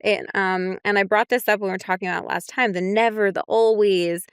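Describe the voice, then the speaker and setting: A young adult woman, a clinician, talks things through reflectively in a casual podcast discussion, often checking in with "right?" and using fillers like "you know." Her medium-pitched voice is clear and resonant, with fairly even intonation and a slightly quick pace. The studio sound is clean, with no echo.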